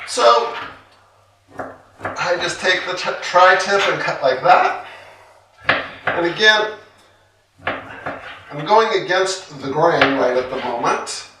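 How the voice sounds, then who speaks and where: Slow-talking man in an echoey kitchen. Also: a little high, noisy background. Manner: chatty, relaxed, folksy asides. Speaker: cooking show co-host. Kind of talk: casual cooking demonstration. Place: home kitchen. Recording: echoey kitchen, mic at a distance. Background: clattering dishes and cutlery.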